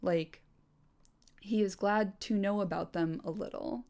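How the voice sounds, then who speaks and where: A woman's voice: mid-range voice, steady tone, measured pace, a little mellow. Chatty, laughing woman gushing about a book. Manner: chatty, laughing, sweary enthusiasm. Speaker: host. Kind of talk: casual book commentary.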